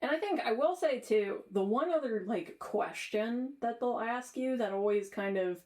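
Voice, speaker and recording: A woman co-hosting a podcast in relaxed casual chat, laughing between remarks. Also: fairly high pitch, moderate pace. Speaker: podcast co-host.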